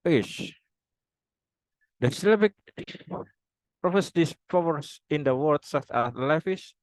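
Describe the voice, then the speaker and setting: A young man reading a prepared phonology presentation aloud, formal wording with halting restarts. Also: a little high, no echo, poor audio. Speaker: student presenter.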